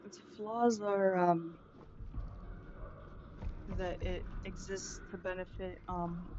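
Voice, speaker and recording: A woman's voice: lowish voice, steady tone, slow, mellow, a little hiss or hum. Hesitant woman streamer, dull lo-fi audio. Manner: hesitant, full of ums and likes. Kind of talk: casual chat while gaming.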